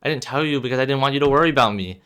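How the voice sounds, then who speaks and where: A man reading aloud as a troubled, guarded young man who speaks in a low, subdued, flat way. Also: racing, clean tone, faint music behind, natural voice.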